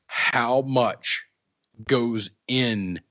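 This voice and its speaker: A man's voice: mid-range voice, drawn-out words, bright, forceful tone. Man, podcast host, from central ohio, joking banter, muffled lo-fi sound. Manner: joking, rambling with restarts.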